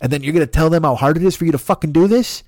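A man voicing a foul-mouthed, tough-love inner voice with a Chicago accent, ranting and scolding in a fast, profane tirade. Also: mid-range voice, expressive, a little mellow, breathy edge, no echo, studio quality. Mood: angry scolding.

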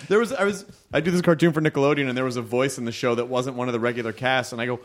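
Podcast host, high lively voice, joking and telling stories. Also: male voice, fast talker, few pauses. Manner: storytelling, jokey. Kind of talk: casual comedic chat.

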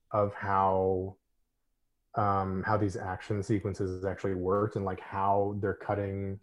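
A man with a fairly low voice chats casually about an animated film. He talks with open enthusiasm, often laughing and filling his sentences with "like." His delivery is loose and conversational. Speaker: podcast co-host. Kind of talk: casual chat.

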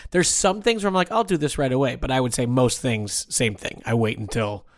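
A man's voice: mid-range voice, fairly quick, dry recording, studio quality. A man co-hosting a casual podcast chat, rambling with lots of self-deprecating restarts. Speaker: podcast co-host.

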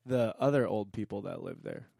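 A man's voice: lowish voice, moderate pace, gravelly, mellow, breathy edge, dry recording, clean studio sound. A man interviewing his older grandmother in a casual chat, teasing her with jokes. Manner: teasing, joking prompts.

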